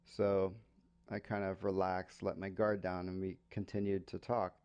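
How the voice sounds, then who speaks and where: A man's voice: low voice, level tone, measured pace, darkish tone, clear, resonant tone, lo-fi sound. An American man hosting an English-learning podcast, telling a casual story and stopping to explain slang for learners.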